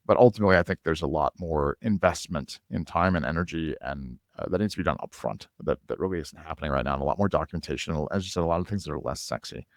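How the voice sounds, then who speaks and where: A man's voice: rumbling low, quick pace, hardly any pauses, no room sound, studio quality. A man from Minnesota hosting a podcast in casual interview chat, rambling and restarting sentences. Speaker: podcast host.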